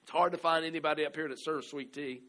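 A middle-aged man from the American South delivers a storytelling sermon in a bright, forceful voice pitched a little high. He restarts and repeats words often. He swings between loud exclamations and quiet asides. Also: steady tone, fast. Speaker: pastor.

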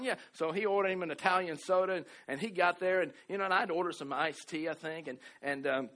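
A middle-aged pastor from the American South preaches a storytelling sermon in a bright, forceful voice pitched slightly high, moving briskly with few pauses. He often restarts and repeats words, swinging between loud exclamations and quiet asides.

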